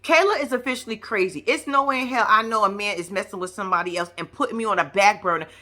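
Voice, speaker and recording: A woman giving brash, profane, animated commentary on a reality show. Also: mid-range voice, quick pace. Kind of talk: casual reaction commentary.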